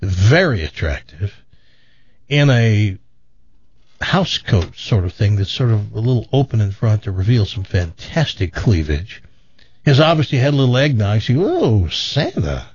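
A man's voice: lowish voice, lively intonation, normal speed, darkish tone, breathy edge, muffled recording. A man hosting a radio show, bantering casually and telling a joke as a chatty, playful storyteller. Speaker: radio host.

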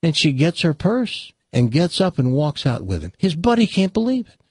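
A man with a husky, breathy voice hosts a radio show from a close, dry studio mic. He chats casually, then spins a long joke in a folksy way, putting on voices for the quotes. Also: a little high, sing-song, normal speed, darkish tone, no echo. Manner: folksy storyteller, acts out quotes.

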